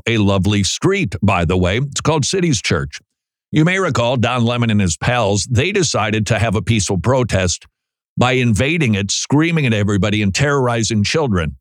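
A man from Minnesota hosting talk radio in a studio, sarcastic and animated, often stammering and restarting his sentences. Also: on the low side, dry recording. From Saint Paul, Minnesota. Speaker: radio host.

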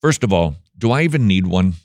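A man hosts a radio talk show, trading playful jokes with his guest. His voice sits fairly low, and the sound is dry and close. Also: expressive, fairly quick, a little mellow, dry recording. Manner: joking, teasing banter. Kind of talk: casual interview chat.

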